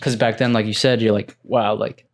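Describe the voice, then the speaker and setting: His voice is lowish and his pace normal. As a young co-host on a gaming podcast, he keeps the casual chat relaxed and peppers it with "like" and "bro."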